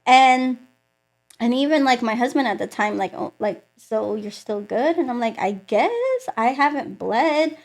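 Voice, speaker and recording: In an interview, a young woman recounts her faith story with lots of energy, voicing the people she quotes and leaning heavily on "like." Her pitch is fairly high and her speed normal.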